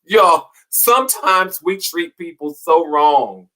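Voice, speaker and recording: A man's voice: a little high, lively intonation, takes it slowly, bright, forceful tone. A man hosting an inspirational talk, speaking in a preacherly way with repeated phrases and swelling emphasis. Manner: preacherly, repetitive, rising and falling emphasis. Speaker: motivational show host.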